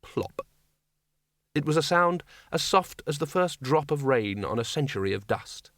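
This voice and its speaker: Bright, dry male audiobook narrator. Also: fairly high pitch, expressive, measured pace, no room sound. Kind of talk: scripted narration.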